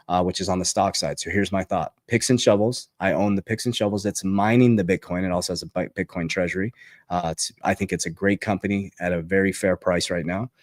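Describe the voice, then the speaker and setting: A man's voice: dry recording, clean studio sound. A man hosting a finance channel, giving a motivational talk about investing. He is emphatic and repetitive, gets fired up, and keeps checking in with "okay?". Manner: gets fired up, pitch jumps on punchlines. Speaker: crypto and investing channel host.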